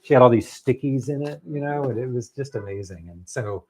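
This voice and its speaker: A man, a novelist, telling a long story in casual conversation, animated and halting with many fillers and restarts. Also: medium pitch. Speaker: novelist guest.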